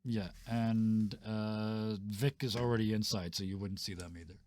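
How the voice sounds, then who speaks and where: A man running a tabletop game as game master, describing scenes in a relaxed, chuckling way with many fillers. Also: lowish voice, normal speed, no room sound. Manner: laid-back, chuckling, filler-heavy.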